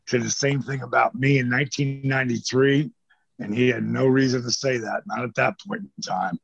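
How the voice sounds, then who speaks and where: A man's voice: medium pitch, fairly quick, creaky, husky, no room sound, lo-fi sound. An older man, a former pro wrestler, telling rambling, profane stories as an interview guest, with lots of restarts. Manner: rambling, profane, animated storyteller with many restarts. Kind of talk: casual storytelling.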